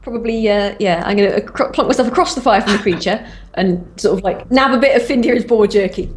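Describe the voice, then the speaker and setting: A woman with a mid-pitched voice, chatting playfully as she describes what her character does. She talks loosely, with plenty of fillers. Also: quick pace, a little hiss or hum. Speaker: player. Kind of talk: describing her character's actions in a tabletop game.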